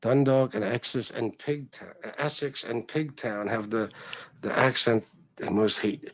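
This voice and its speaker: A man's voice: mid-range voice, a little slow, no echo. A man hosting a casual livestream, reading comments and telling rambling, profane stories. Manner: profane, rambling, animated reactions. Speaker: livestream host.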